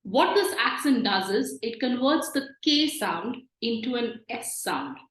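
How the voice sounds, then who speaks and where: A woman's voice: on the high side, lively intonation, measured pace, a bit bright. A woman teaching a beginners' lesson, patiently explaining and repeating sounds. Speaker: French teacher. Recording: echoey room.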